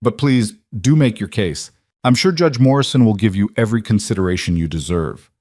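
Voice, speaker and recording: A man's voice: on the low side, animated, a little fast, darkish tone, no echo. A man voicing a smug, cold villain registrar. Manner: smooth and condescending. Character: smug cold scheming male county registrar.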